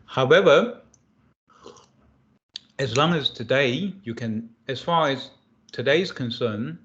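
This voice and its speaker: Slow, patient language teacher drilling sounds. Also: lively intonation, fairly bright tone, dull audio. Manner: slow, patient drilling, raising pitch on the practice syllables. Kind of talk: pinyin pronunciation drill.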